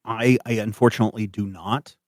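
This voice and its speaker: A man narrating as game master of a tabletop game, animated and hesitant with many fillers. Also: fairly low pitch, fairly quick, dry recording.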